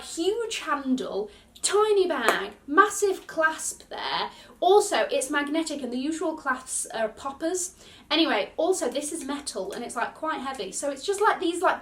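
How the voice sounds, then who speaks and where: A young British woman giving a gushing, excitable unboxing chat as a fashion vlogger, recorded with roomy echo from a distance. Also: high voice.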